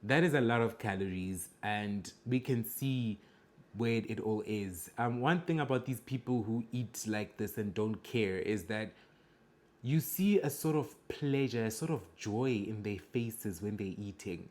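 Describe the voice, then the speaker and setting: A man with a fairly low voice reacts to clips with blunt, judgmental remarks. He lectures his viewers in a direct, opinionated way. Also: a little slow, darkish tone. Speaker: reaction video host. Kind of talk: reaction commentary.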